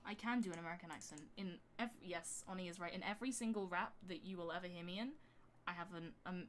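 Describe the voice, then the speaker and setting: A woman's voice: on the low side, fast. A woman chatting casually on a live stream while making music, rambling with lots of fillers and reading out chat. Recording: music playing behind the voice.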